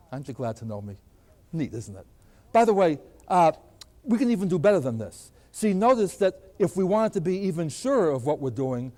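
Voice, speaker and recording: A man's voice: on the high side, a little mellow. Older guy teaching math, keeps asking "what?" then answers it himself, reverby lecture room. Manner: asks questions and answers them himself. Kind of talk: recorded classroom lecture. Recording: long hall reverb.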